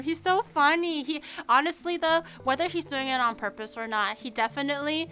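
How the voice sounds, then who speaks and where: A woman streamer chatting casually and telling stories in an animated way, laughing often. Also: high voice, brisk. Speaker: VTuber streamer.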